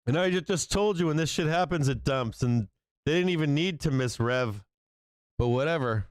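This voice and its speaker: A man's voice: fairly high pitch, animated, normal speed, clear, resonant tone, dry recording. A man hosting a live stock market stream, swearing a lot and reacting with disbelief and frequent laughter. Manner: profane, incredulous, laughing often. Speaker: stock market livestream host.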